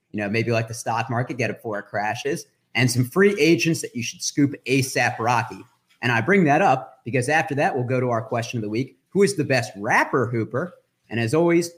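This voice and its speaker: A man hosting a casual podcast, upbeat and jokey, reading segment intros quickly. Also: mid-range voice. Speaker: podcast host.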